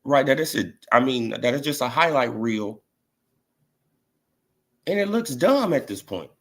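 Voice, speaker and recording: A man's voice: mid-range voice, expressive, a little slow. A man ranting casually about boxing as a vlog host, mocking and repetitive, often asking "right?" and "you feel what I'm saying". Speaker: boxing commentator vlogger. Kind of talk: casual opinion rant.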